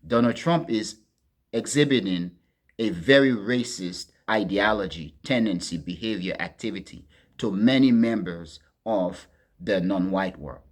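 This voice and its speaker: A man hosting a political commentary monologue, talking to his listeners as friends in a deliberate, emphatic way and leaning hard on key words. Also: on the low side. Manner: deliberate, addresses listeners as friends, stresses words with sharp swings in loudness.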